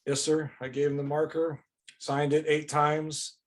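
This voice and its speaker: A man in his fifties hosting a podcast, telling relaxed anecdotes and giving friendly acknowledgements in casual chat. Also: on the high side, unhurried. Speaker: podcast host.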